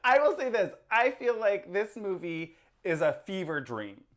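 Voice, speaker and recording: Man co-host, animated pitch, easygoing and quick to agree. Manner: laughs often, agreeable. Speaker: podcast co-host. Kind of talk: casual chat.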